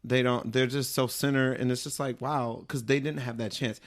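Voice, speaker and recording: A man from Wisconsin talks openly as a podcast guest, earnest and reflective. His voice sits at an ordinary middle pitch for a man. He often breaks off and restarts his sentences as he thinks. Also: little pitch movement, normal speed. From Wisconsin, USA. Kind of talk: candid conversational chat.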